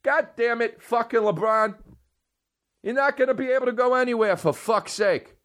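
A man's voice: very high-pitched, normal speed, pitched above the performer's own voice. A man doing a grumpy New York dad. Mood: fed-up. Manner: shouting, profane griping. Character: grumpy middle-aged dad cursing about traffic.

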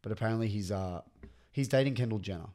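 A man's voice: fairly low pitch, fast, darkish tone. A man co-hosting a podcast, rambling in a laid-back way in casual chat. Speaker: podcast co-host.

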